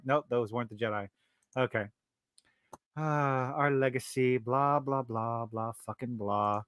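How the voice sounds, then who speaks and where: A man's voice: mid-range voice, unhurried, fairly bright tone, smooth, no echo, clean studio sound. Profane ranting podcast man. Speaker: podcast host. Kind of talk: live-stream show review rant.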